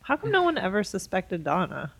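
A woman's voice: medium pitch, huge pitch swings, a little fast, vocal fry, fairly bright tone. A woman co-hosting a podcast, making wry remarks in casual chat. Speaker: podcast co-host. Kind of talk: casual chat recapping a TV episode.

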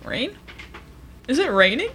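A woman's voice: sits high, very animated, a little slow, sharp tone, slight background noise. A woman co-hosting a casual chat, playful and rambling, with a joking manner. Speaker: podcast co-host.

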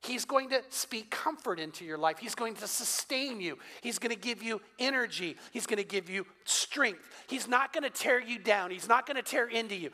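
An older male pastor preaches a sermon in a church sanctuary, telling stories conversationally with touches of humor. His voice is extremely high, pushed and bright, and a long hall reverb fills the recording.

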